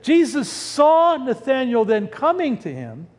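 Male pastor, sermon delivery, high voice with a swooping, lively range; hall reverb. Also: measured pace. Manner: animated, rhetorical questions, breaks off mid-word. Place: church sanctuary.

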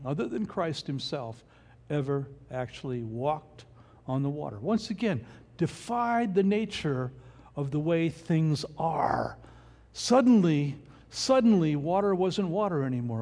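Male pastor with an expressive, rhetorical delivery, heard in a hall with long reverb. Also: on the high side. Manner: expressive, rhetorical questions, reads scripture aloud. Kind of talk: sermon.

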